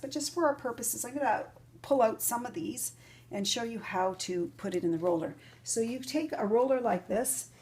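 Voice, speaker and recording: A middle-aged woman talking casually while she demonstrates a recipe in a home kitchen. She rambles and fills pauses with "um". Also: medium pitch, darkish tone, a little hiss or hum. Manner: chatty and rambling, with many fillers. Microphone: camera mic, filmed by her son.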